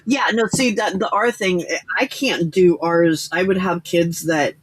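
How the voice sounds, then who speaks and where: A woman's voice: lowish voice, a little slow, slight background noise, poor audio. An American woman hosting a late-night crafting livestream, chatting casually and rambling with frequent laughs. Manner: rambling, laughs often, self-teasing. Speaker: livestream host. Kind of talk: casual chat while crafting.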